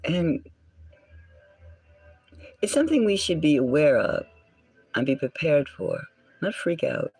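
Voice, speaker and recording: A tarot reader hosting a solo reading, unhurried and full of gravelly rasp, with a pitch that swoops up and down. The delivery is musing and self-correcting, with frequent drops into a whisper, over faint background music. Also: big pitch swings, darkish tone, no echo, low-quality recording. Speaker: tarot reader and channel host.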